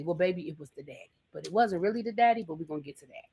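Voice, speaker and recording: A woman's voice: medium pitch, animated, fast, hardly any pauses, bright, forceful tone. A woman hosting a TV review channel, chatting through an episode recap in a dramatic, gossipy way and often calling the listener "baby". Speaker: TV review host.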